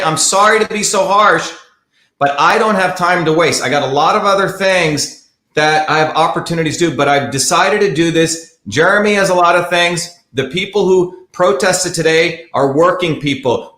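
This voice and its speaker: A man's voice: fairly high pitch, sharp tone. A man hosting a live online show, talking bluntly and combatively in heated, repetitive commentary. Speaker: livestream host. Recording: echoey room.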